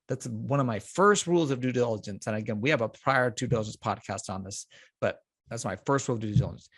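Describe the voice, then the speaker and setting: Man, podcast host, emphatic casual talk, mid pitch, dry close sound. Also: fast, breathy edge, no room sound. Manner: emphatic, acts out clients' excited questions.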